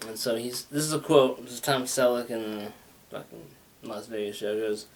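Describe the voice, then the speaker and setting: Male host, casual stoner-ish ramble, stutters a bit, mid pitch, noisy lo-fi recording. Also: normal speed, darkish tone. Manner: rambling, laid-back, swears and laughs often; says he has a stutter. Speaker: talk show host. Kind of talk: rambling solo monologue.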